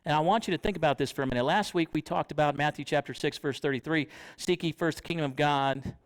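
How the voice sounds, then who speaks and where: A young man preaching in church, his voice sitting fairly high. He talks in a conversational way and keeps asking the congregation questions. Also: quick pace. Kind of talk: sermon.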